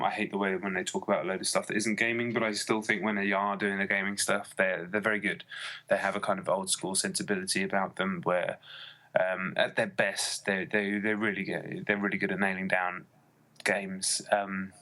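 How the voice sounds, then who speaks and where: A man's voice: deep voice, level tone, moderate pace, bright, forceful tone. A man co-hosting a podcast, chatting casually and enthusiastically with many fillers. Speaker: podcast co-host. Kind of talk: casual chat.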